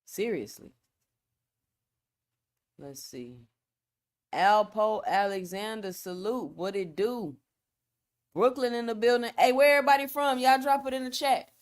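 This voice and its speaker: A woman's voice: on the high side, a little slow, pauses often. A woman from Texas with a Texan accent, hosting a solo live stream, talking in an emphatic, repetitive way with casual slang and reading the chat. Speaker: boxing channel host.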